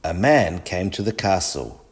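Low-voiced man reading a children's story. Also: noisy background. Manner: expressive, unhurried. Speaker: storybook narrator.

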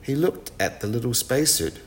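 A man reading a children's storybook aloud in a clear, expressive way. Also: medium pitch, a little fast.

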